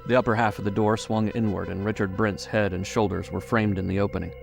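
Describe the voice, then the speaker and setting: A man narrating a horror audiobook in a measured, suspenseful way. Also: on the low side, flat delivery, vocal fry, soft background music.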